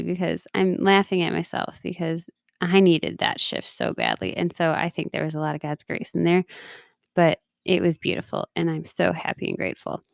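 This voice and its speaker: A woman's voice: fairly low pitch, vocal fry, clear, resonant tone, no room sound, clean studio sound. A woman in her thirties, a podcast host and coach, talking casually and often laughing at herself. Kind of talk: casual personal talk.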